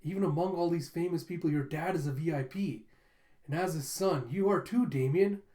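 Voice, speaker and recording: A man's voice: a little high, fairly quick, mellow, pitched above the performer's own voice, close to an everyday voice. A man voicing a fawning, eager schoolboy sidekick. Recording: roomy echo.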